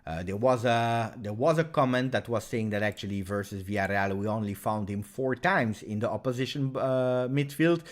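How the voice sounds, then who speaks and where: Excitable Italian-accented man cheering football. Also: lowish voice, normal speed, hardly any pauses. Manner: excitable, erupts into loud cheering and chats with viewers. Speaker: live match reaction host. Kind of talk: live football reaction stream.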